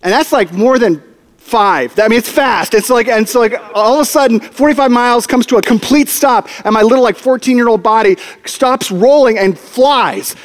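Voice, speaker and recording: A man's voice: very high voice, moderate pace. A man preaching in a church, telling a story with comic energy and acting out the voices of the people in it. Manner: animated, comic storytelling with acted-out quotes. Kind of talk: storytelling sermon. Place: church hall. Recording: long hall reverb.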